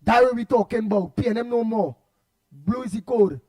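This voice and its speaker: Trinidadian male radio host, very high pitch, animated and rambling. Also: fairly quick. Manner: animated, repetitive, laughs often, loud outbursts. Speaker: radio talk show host. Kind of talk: casual radio chat reading listener comments.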